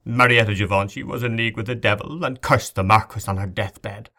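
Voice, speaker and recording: A man's voice: fairly low pitch, fairly quick, sharp tone. A man playing a terrified, pompous old bishop in a storybook reading, crying out in fear. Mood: fearful.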